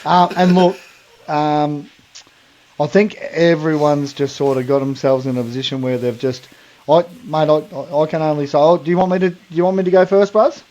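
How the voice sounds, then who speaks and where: Laid-back Australian bloke telling a yarn. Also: male voice, fairly high pitch, fairly even intonation, moderate pace, darkish tone, lo-fi sound. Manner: rambling, laughing storyteller with mate slang. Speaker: podcast co-host. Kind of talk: casual storytelling chat.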